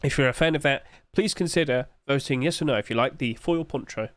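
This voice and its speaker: A man's voice: medium pitch, fairly quick, a bit bright, no echo. A young man hosting a casual video, chatting as he reviews items and asking viewers questions. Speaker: host reviewing game skins.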